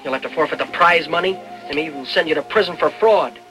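Brisk, protective horse trainer. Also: male voice, a little high, bright, forceful tone, soft background music, poor audio. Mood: urgent. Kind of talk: film dialogue.

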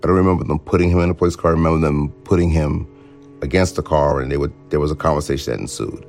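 Very deep gravelly man recounting events. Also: fairly even intonation, a little mellow, faint music behind. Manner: halting, filler-heavy, acts out remembered dialogue. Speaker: eyewitness interviewee. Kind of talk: recounting a shooting in a documentary interview.

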